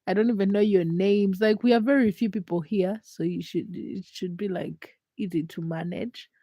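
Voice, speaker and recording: Sick young woman, froggy hoarse voice, stuffy nose, teasing late-night stream chat, dry sound. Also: fairly even intonation, moderate pace, dark tone, dry recording, lo-fi sound. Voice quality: deep, froggy voice. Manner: chatty, teasing, pleading with viewers to comment. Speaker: livestream host. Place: her home at night.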